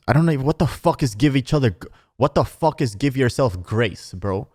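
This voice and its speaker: A man's voice: medium pitch, lively intonation, moderate pace, hardly any pauses, darkish tone, no room sound, studio quality. Sarcastic, profane man ranting on a podcast. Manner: profane, sarcastic, calls listener bro; mocks others in exaggerated put-on voices. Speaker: podcast host. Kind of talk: casual podcast rant.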